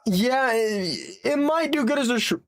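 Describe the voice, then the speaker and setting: A man's voice: very high voice, expressive, measured pace, vocal fry. A young man in casual live-stream chat as a streamer, ranting animatedly with rhetorical questions and tired after a long session.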